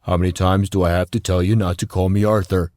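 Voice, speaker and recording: A man doing a gruff, brutish teenage boy. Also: low voice, takes it slowly, a little mellow, no room sound, studio quality. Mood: indignant. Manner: gruff, indignant.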